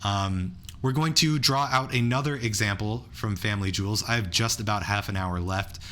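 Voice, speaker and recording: Guy teaching beatboxing online, counts beats out loud, bright kinda low voice, excited and loose. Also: moderate pace. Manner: counts beats aloud and breaks into beatbox sounds; enthusiastic, loose, restarts often. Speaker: beatboxing instructor.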